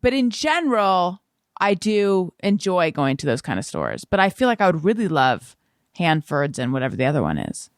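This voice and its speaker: A woman hosting a podcast with a fairly low voice that swings widely in pitch, curious and full of questions. The sound is dry and close, with no room around it. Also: very animated, moderate pace, no room sound. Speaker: podcast host. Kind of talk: casual chat.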